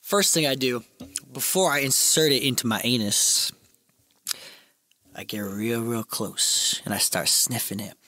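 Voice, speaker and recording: A man's voice: mid-range voice, a little slow, bright, forceful tone, no echo. A man telling a crude, rambling comedic story in a casual ASMR storytelling style.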